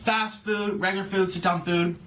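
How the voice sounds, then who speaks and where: A man talking casually to camera as a YouTuber, animated and playful, slipping into silly rhymes and sing-song repeats. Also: high voice, normal speed, slight background noise.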